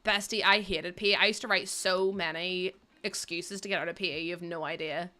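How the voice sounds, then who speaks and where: A woman in her thirties streaming from her room at home, chatting to her viewers while she plays, giggly and animated. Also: lowish voice, fairly quick. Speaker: livestreamer. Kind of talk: casual chat while gaming.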